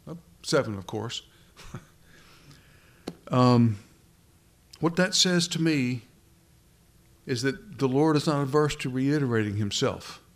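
Conversational male preacher, mid-pitched. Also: slow, pauses often. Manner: conversational, addresses listeners directly, frequent restarts. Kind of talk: sermon.

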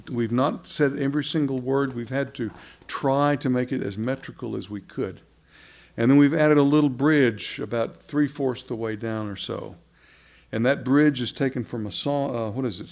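Man, leading a group in learning a hymn; halting, reads verses aloud. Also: mid-range voice, a little mellow. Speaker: song leader teaching a hymn. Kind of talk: teaching a group a new hymn.

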